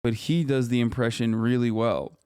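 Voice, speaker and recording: A man's voice: mid-range voice, steady tone, moderate pace, darkish tone, clear, resonant tone, dry recording, clean studio sound. A man in his thirties streaming live, reacting bluntly with emphatic, profane asides.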